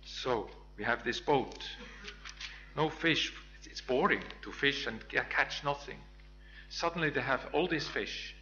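Man, preacher, slow-paced sermon, reflective Bible storytelling, slightly dull recording, faint hum. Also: mid-range voice, expressive, pushed and bright. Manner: reflective storytelling, reads scripture aloud with small restarts.

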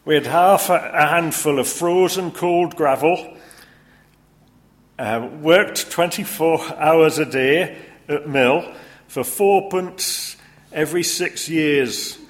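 A man putting on a Yorkshire accent to voice a boastful old Yorkshireman, high, loud and exaggerated. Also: slow pace. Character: boastful old male Yorkshireman bragging about hardship.

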